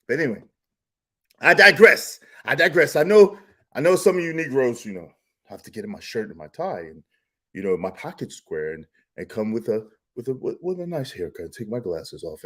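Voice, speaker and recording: A man ranting loudly and profanely as a commentator, swinging between shouting and a mocking slow monotone. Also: mid-range voice, slightly rough. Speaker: commentator and panel participant. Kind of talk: reaction rant and panel discussion.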